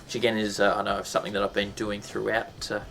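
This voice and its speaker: A man's voice: fairly low pitch, completely flat delivery, fast talker, vocal fry, fairly bright tone. A man teaching a casual lesson, chatty and full of ums and restarts, breaking into sound effects.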